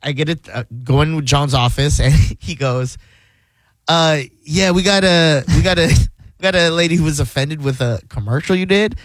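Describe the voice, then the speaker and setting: A man's voice: fairly high pitch, moderate pace, dry recording. A man hosting a radio show, telling a story in casual banter and laughing often.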